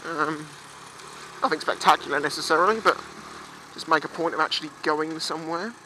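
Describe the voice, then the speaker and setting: A man's voice: fairly high pitch, a little fast, pushed and bright, low-quality recording. A young Englishman in his twenties telling stories for his vlog while riding a motorbike by the sea, chatty and swearing freely. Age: 20s. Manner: chatty, swears freely, acts out quoted voices. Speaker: vlogger. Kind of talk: casual storytelling vlog. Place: outdoors on a motorbike by the seafront. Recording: faint road and engine noise.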